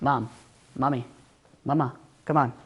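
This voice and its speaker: A man's voice: medium pitch, steady tone, a little slow, breathy edge, highs cut off, pitched below the performer's own voice. A man voicing a young prince, eager and flustered. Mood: anxious. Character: young prince, curious then anxious.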